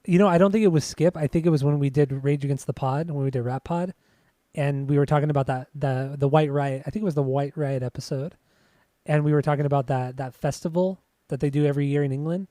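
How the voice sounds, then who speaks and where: A man co-hosting a podcast in relaxed, teasing casual chat. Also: a little high, fast, no room sound, studio quality. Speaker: podcast co-host.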